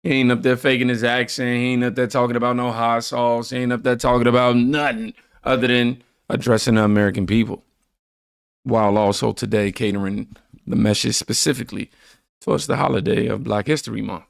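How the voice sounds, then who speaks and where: A man's voice: medium pitch, level tone, a little fast, creaky, clean tone, no room sound, clean studio sound. A man hosting a reaction channel, laid-back, reading viewer comments aloud and riffing on them.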